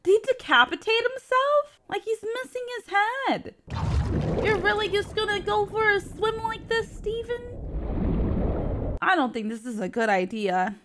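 A woman's voice: very high-pitched, big pitch swings, unhurried, over music. A woman hosting a casual reaction video, exclaiming, laughing and talking back to the screen. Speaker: host reacting to a cartoon. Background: faint cartoon audio underneath.

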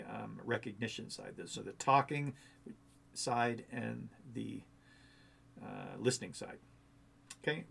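Male host for a casual coding walkthrough, gravelly texture, rambles and thinks aloud. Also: mid-range voice.

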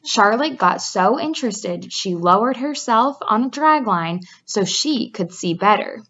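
A woman teacher reading a children's book aloud to her class, expressive and adding chatty asides. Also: mid-range voice, a little slow. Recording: dull lo-fi recording.

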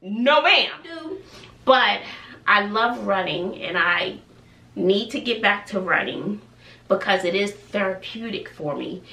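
A woman's voice: mid-range voice, a little slow, creaky, sharp tone, far from the mic. A woman, a family vlogger chatting casually to camera and musing aloud to herself in her bedroom at home. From Texas. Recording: echoey room, voice off-mic, faint noise.

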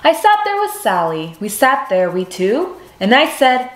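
A woman reading a children's picture book aloud, with expressive, animated delivery. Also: on the high side, a little slow, slight background noise. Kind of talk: read-aloud storytelling. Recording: echoey room, soft music behind.

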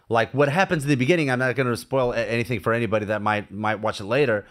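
A man's voice: mid-range voice, racing, hardly any pauses, fairly bright tone. A man from Portugal hosts a casual podcast interview. He talks in a chatty, enthusiastic way and leans on fillers as he thinks aloud. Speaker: podcast host.

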